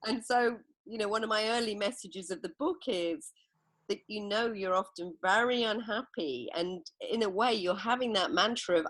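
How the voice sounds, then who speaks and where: A woman's voice: medium pitch, moderate pace, a bit bright, no room sound. A middle-aged woman from England, a book author, telling reflective anecdotes as a guest in a podcast interview.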